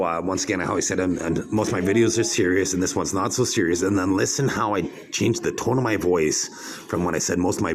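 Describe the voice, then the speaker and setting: A man from Canada talking to camera in a rambling monologue, aggrieved and halting, full of fillers and restarts. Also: deep voice, noisy background. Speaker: vlogger.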